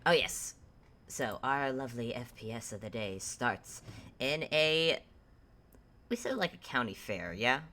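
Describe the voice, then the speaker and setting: Very low-voiced rambling woman host. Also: expressive, pushed and bright. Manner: rambling, halting, self-mocking. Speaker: game master and host. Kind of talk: casual chat introducing a tabletop game.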